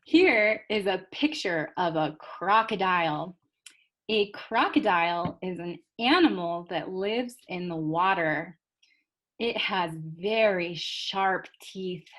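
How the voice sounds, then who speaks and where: A woman's voice: lowish voice, expressive, fairly bright tone. A woman teaching English vocabulary to learners, carefully modeling and spelling out each word. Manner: slow, deliberate, spells out and models words.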